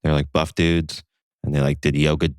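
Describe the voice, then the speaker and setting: A man with an extremely low, deep voice chats as a podcast guest. He talks in a relaxed way, full of fillers and asides. The sound is dry and close. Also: normal speed, dry recording. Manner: relaxed storyteller with frequent fillers. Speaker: podcast guest, co-founder of a satire site. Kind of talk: casual conversation.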